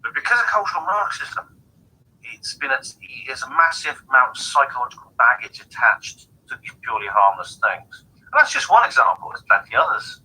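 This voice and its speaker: Male host: sharp, husky voice, emphatic and opinionated. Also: medium pitch, sing-song, fairly quick, rough recording. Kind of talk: opinionated casual chat.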